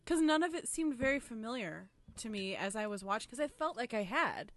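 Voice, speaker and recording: A woman's voice: fairly high pitch, expressive, fairly quick, a bit bright, dry recording. A woman co-hosting a casual movie chat podcast, giggly and playful with short replies. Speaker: podcast co-host. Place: small studio. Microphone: new studio microphone.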